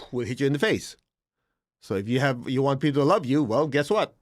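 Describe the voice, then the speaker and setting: A man's voice: mid-range voice, dry recording, clean studio sound. A middle-aged man giving an informal spiritual lesson, talking directly and acting out complaining students. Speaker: spiritual teacher.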